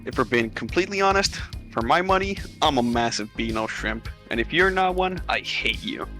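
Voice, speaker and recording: A man chatting casually on a stream as a guest, excitable and profane, often stammering and restarting. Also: medium pitch, normal speed, faint music behind. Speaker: guest VTuber.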